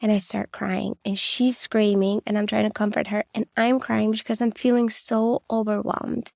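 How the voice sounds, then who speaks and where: A podcast host in her thirties shares personal stories candidly and reassuringly, sprinkling "like" throughout. Her medium-pitched, darkish voice has a gravelly, fried edge and a level tone at normal speed. The recording is dry and close, with no room sound.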